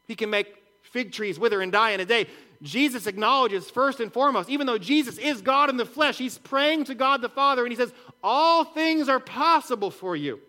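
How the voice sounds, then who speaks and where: A man's voice: extremely high pitch, brisk, bright, forceful tone. A man preaching a sermon as a pastor, earnest and full of rhetorical questions and repetition.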